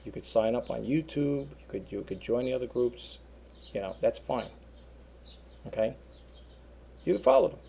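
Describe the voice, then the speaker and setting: Gravelly, husky man rambling at a webcam. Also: medium pitch, lively intonation, normal speed, long pauses, mellow. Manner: rambling, repeats himself, earnest. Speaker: eBay seller vlogger. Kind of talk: casual webcam monologue.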